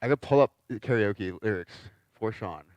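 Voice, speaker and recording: A man hosting a casual chat, lively and quick to laugh, often stammering as he starts his questions. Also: lowish voice, no room sound. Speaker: interviewer.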